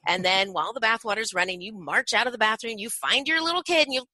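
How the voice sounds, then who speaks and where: A woman guest speaks on a podcast about parenting, acting out playful voices as she tells her stories. Her tone is bright and forward, and the recording is dry and close. She talks in an animated way. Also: mid-range voice, quick pace, few pauses, no room sound, rough recording. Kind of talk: podcast interview.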